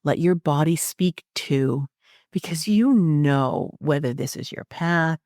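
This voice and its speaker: A woman hosting a podcast interview, chatting casually and telling stories with animated acted-out voices and frequent laughter. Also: sits low, slow pace, dry recording, studio quality. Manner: animated storytelling, acts out voices, laughs often. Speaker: podcast host.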